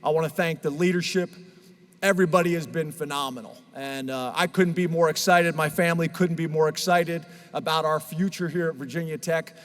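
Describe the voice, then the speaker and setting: A man's voice: on the high side, fairly even intonation, a little fast. A man speaking as a head football coach at a press conference, talking in an earnest and emotional way. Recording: reverberant hall sound.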